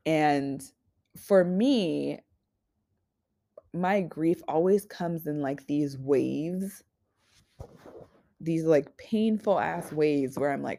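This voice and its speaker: Woman in her 20s with a low-pitched voice for a raw, unscripted personal monologue. Blunt and halting. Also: gravelly, dark tone. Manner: raw, candid, swears freely; halting with frequent restarts. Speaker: podcast host.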